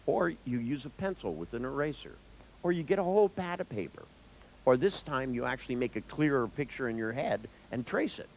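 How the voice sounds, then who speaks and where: A man's voice: medium pitch, fairly quick, vocal fry, poor audio. A therapist giving a live seminar talk to an audience, joking and speaking straight to listeners as he explains. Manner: animated, joking, acts out dialogues with clients.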